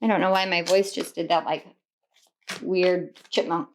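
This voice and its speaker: A woman's voice: on the low side, steady tone, normal speed, slight background noise. A woman reading tarot cards to camera, earnest and rambling, often repeating herself and laughing. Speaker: tarot reader.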